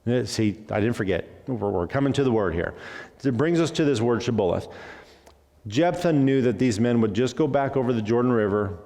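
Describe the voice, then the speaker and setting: Animated male pastor in an echoing hall. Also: mid-range voice, fairly quick. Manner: animated, acts out dialogue, jokey asides. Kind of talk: sermon. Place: church sanctuary.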